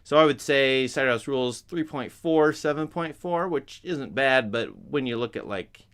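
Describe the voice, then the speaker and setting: A man's voice: medium pitch, moderate pace, fairly bright tone, clean tone. A man chatting casually to his viewers as a film commentator, rambling with restarts and asides.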